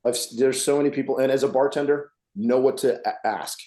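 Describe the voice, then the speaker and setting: Man, blunt storyteller, mellow voice, echoey room. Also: medium pitch, fairly even intonation, brisk, hardly any pauses. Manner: blunt storyteller acting out customers. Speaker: podcast co-host, bartender. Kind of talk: casual podcast chat.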